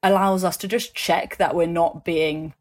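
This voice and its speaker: Lively woman telling stories. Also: fairly low pitch, unhurried. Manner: animated storytelling, acts out voices in anecdotes, many fillers. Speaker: interview guest. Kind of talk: conversational interview.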